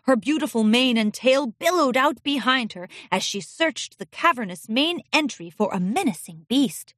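A woman narrating a children's storybook with an expressive, animated reading. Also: on the high side, moderate pace, few pauses, no room sound, clean studio sound.

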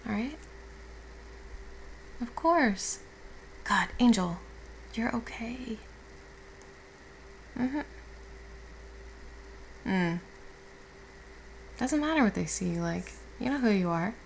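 A woman playing a caring girlfriend who has just woken up, speaking softly and reassuringly with casual swearing in an audio role-play. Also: fairly high pitch, animated, extremely slow, gravelly, pauses often, slight background noise, exaggerated voice, rough recording. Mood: tender. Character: affectionate young woman, the listener's caring girlfriend.

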